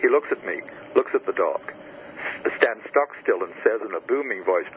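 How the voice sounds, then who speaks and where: A man, an author being interviewed, telling stories and teaching by example with lively enthusiasm and frequent restarts. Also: lowish voice, moderate pace, dull audio, slight background noise. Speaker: author and guest. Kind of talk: animated storytelling interview answers.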